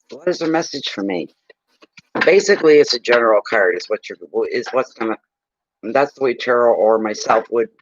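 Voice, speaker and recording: A man's voice: medium pitch, highs cut off, slight background noise. A man doing a casual livestream tarot reading, telling blunt, salty stories between questions. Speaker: tarot reader.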